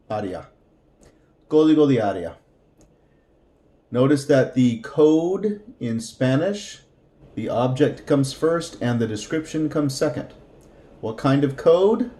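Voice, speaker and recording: Slow, patient man teaching in an echoey room. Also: mid-range voice, warm tone. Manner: slow, patient, repeats words for practice. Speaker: Spanish teacher. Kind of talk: language lesson.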